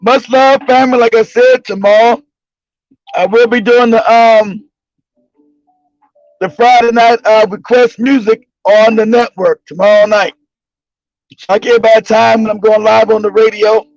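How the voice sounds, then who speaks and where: High, gravelly, profane man telling stories. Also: fairly even intonation, a little slow, pauses often, darkish tone, no echo, faint music behind. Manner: profane, laughs often, mocking. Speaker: livestream show host. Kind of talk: casual comedic storytelling. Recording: dull lo-fi recording.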